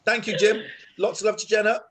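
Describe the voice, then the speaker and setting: A man's voice: sits high, flat delivery, fairly bright tone. A man hosting a casual meeting over a video call, joking and teasing the other people taking part. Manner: jokey, quick to tease. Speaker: host running a monthly production meeting.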